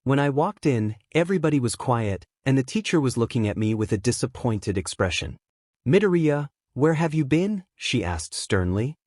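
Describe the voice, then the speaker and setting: A man reading a fanfiction story aloud as a first-person narrator, in a subdued, even way of telling it. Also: mid-range voice, moderate pace, few pauses, no room sound, studio quality. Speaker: fanfiction reader.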